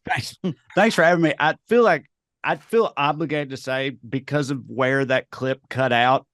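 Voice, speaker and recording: A man's voice: medium pitch, normal speed, fairly bright tone, dry recording, studio quality. A man with a Tennessee Southern accent, a comedian chatting as a radio guest in a rambling, self-deprecating way. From rural Tennessee. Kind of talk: relaxed interview chat.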